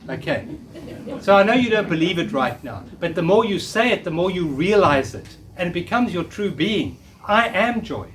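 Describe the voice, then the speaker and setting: A man in his fifties leads a live spiritual workshop, earnestly coaxing the audience to repeat affirmations after him in call-and-response. His voice is high with lively intonation, at a normal speed, and he's picked up far from the mic.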